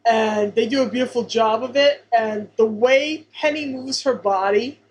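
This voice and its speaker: A woman co-hosting a podcast in casual chat, quick to agree and laugh, with playful commentary. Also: on the high side, poor audio. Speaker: podcast co-host. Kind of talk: casual chat reviewing a sitcom episode.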